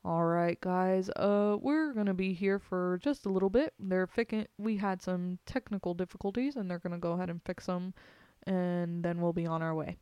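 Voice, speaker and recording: A woman putting on the voice of a male airline pilot making a relaxed cabin announcement, in her own smooth voice. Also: lowish voice, moderate pace, dry recording, natural voice. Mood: laid-back. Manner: casual, easygoing announcement tone.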